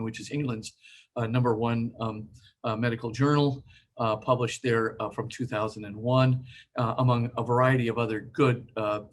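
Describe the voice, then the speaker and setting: An older man giving an informal lecture, halting with many fillers and sometimes acting out quoted voices. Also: medium pitch, slight background noise.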